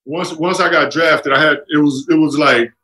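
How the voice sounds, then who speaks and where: High, bright-voiced man telling stories. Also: normal speed, poor audio. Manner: animated, acts out quotes with jumps in pitch. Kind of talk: casual storytelling.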